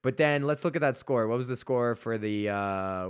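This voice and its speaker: A man's voice: mid-range voice, normal speed, clean tone. A male comedian hosting a solo podcast, ranting in a loose, rambling, profane way.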